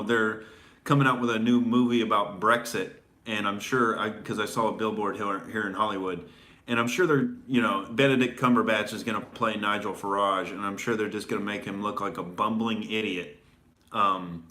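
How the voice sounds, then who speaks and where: A man's voice: on the low side, bright, forceful tone. A male comedian hosting a casual commentary show, rambling with fillers and restarts in a sarcastic tone. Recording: echoey room.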